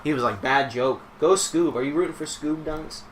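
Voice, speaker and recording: A man's voice: fairly high pitch, normal speed, a little hiss or hum. A young man live-streaming a wrestling video game, rambling and joking through mock play-by-play commentary from home. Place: home room while streaming.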